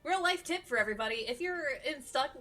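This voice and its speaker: A woman playing a tabletop game, talking in a brisk, chatty way. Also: high-pitched, lively intonation, sharp tone. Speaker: player. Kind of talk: casual tabletop game chat.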